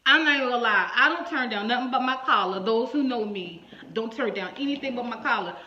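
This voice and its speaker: A woman's voice: fairly high pitch, lively intonation, fast talker, pushed and bright. A woman hairstylist telling a story to her viewers in a casual, salty way, playing both sides of a phone call. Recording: echoey room, dull lo-fi sound.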